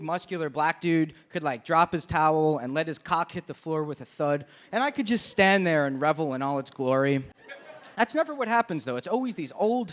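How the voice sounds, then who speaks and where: A young man performing a crude, brash stand-up comedy set on a comedy club stage. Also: a little high.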